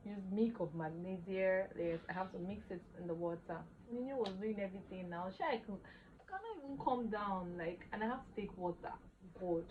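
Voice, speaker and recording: A young woman tells her own story in a lively, emotional way, her voice rising and dipping. Her voice sits in the middle of the range. The recording is a bit dull and lo-fi, with a faint hiss behind her. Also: medium pitch. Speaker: vlogger. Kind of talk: personal testimony vlog.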